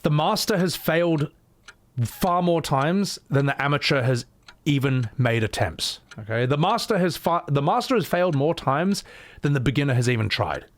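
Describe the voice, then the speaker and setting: A man's voice: on the high side, animated, moderate pace. A man streaming a game playthrough, joking and mocking his own voice work. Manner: joking, self-deprecating. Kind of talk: casual gameplay commentary.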